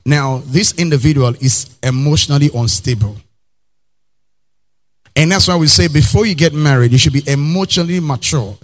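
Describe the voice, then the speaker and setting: A man preaching a sermon in a Nigerian accent, animated, acting out little scenes and slipping into pidgin phrases. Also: on the high side, moderate pace. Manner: animated preaching, acts out characters, slips into pidgin. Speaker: pastor.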